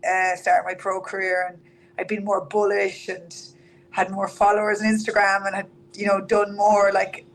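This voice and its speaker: A woman's voice: medium pitch, slight background noise, rough recording. A young Irish woman, a fighter interviewed about her career, talking candidly with lots of "like". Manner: candid, chatty, fillers of "like". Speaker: MMA fighter guest.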